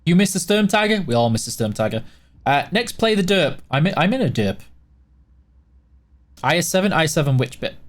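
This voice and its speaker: Yorkshire guy hosting a stream, reads chat questions out then answers, lots of uhs, kinda higher voice. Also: sing-song, a little fast, pauses often. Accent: Yorkshire, softened toward neutral British. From Yorkshire, England. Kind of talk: casual livestream Q&A.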